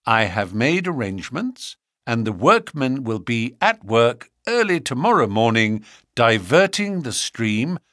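A man reading an audiobook, voicing a confident, theatrical gentleman detective who speaks in a measured, persuasive and gently lofty way. He stays close to his own reading voice. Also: medium pitch, sing-song, no echo.

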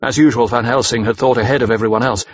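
A man narrating a classic novel in a measured, even reading. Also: mid-range voice, no room sound. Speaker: audiobook narrator. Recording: slightly dull lo-fi recording.

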